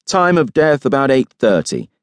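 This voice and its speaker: A man's voice: medium pitch, huge pitch swings, moderate pace, no echo, voice pushed up. A man voicing a cynical, urbane middle-aged pathologist, dry and matter-of-fact.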